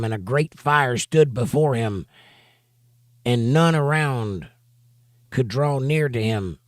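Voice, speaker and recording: Guy teaching bible study, reads a bit then stops to make his point, regular pitch, dry sound. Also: no echo. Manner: emphatic, rhetorical asides between readings. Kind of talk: reading scripture aloud with commentary. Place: home studio for a livestream.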